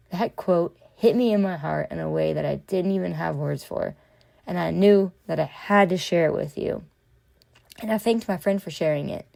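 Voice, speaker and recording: Woman, solo podcast host; heartfelt, unhurried, vocal fry. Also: fairly low pitch, dark tone. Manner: earnest, heartfelt, addresses listeners as friends. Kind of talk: reflective solo podcast monologue.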